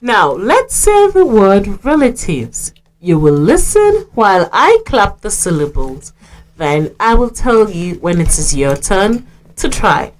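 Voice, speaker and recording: Very slow Sierra Leonean woman teaching. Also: mid-range voice, big pitch swings. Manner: slow, clearly sounding out syllables and letters. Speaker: radio teacher. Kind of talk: slow scripted reading lesson for children.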